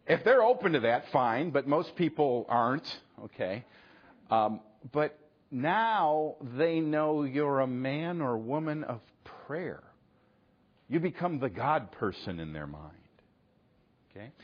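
Husky pastor preaching with "okay?" checks. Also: male voice, mid-range voice, lo-fi sound. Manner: conversational, acts out quoted exchanges, frequent "okay?". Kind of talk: sermon.

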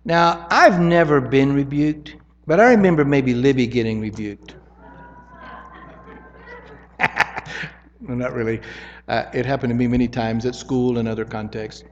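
A man's voice: medium pitch, a little slow, long pauses, big-room sound, lo-fi sound, a little hiss or hum. A man preaching a sermon in an easy, conversational teaching way, often checking in with "right?".

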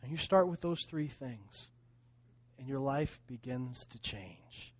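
A man preaching a sermon as pastor, with emphatic repeated phrases, swinging from quiet to loud. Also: mid-range voice, lively intonation, slow, dry recording.

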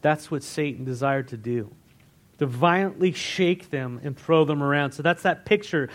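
Man preaching a casual, lively sermon. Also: fairly high pitch, moderate pace. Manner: conversational, asks the congregation questions; animated, retells scripture in everyday words. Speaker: pastor.

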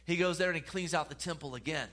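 Bright-voiced man preaching a sermon. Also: on the high side, fast talker. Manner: earnest, repeats words, frequent restarts. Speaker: pastor.

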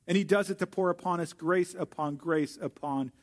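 High-voiced male pastor preaching. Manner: earnest, with slow emphatic repetition. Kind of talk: sermon.

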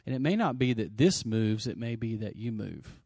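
A man preaching a sermon, calling for amens and swinging from loud exclamations to quiet asides. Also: on the low side, lively intonation, normal speed, creaky, no room sound, clean studio sound. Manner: calls for audience response. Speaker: pastor.

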